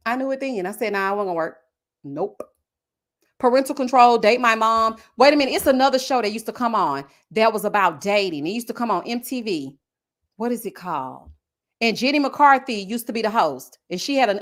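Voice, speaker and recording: A woman in her thirties hosting a live stream, chatting in a casual, animated, slangy way and telling stories. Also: fairly high pitch. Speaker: YouTube host.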